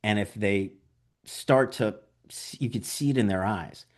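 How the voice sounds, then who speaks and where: A man's voice: lowish voice, unhurried. A man, a documentary director, talks through his filmmaking experiences in an interview. He tells stories with energy, acts out the voices of the people he met, and fills his speech with "like" and "you know". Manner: animated storyteller, acts out quotes; frequent "like" and "you know" fillers. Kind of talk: interview conversation.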